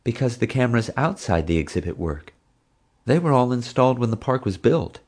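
A man reading an audiobook voices a frank, outspoken woman zookeeper in a raised, lively voice. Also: medium pitch, brisk, husky, voice pushed up. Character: woman zookeeper, frank, chatty young adult. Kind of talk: audiobook character voice.

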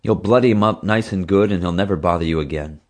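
A man's voice: low voice, fast, natural voice. A man reading an audiobook, voicing a confident, easygoing father who talks bluntly and matter-of-factly. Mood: assured. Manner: blunt, matter-of-fact, assured.

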